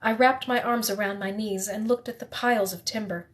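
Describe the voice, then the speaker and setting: A woman reading a novel aloud in the first person, steady, with the odd slip she corrects. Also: medium pitch, a little fast, few pauses. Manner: steady reading with occasional slips and self-corrections. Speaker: reader.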